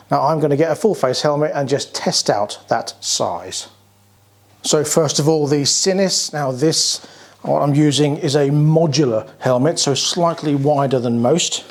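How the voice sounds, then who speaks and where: A British man giving a casual, plain-spoken walkaround review of scooters, pointing out features as he goes. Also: medium pitch.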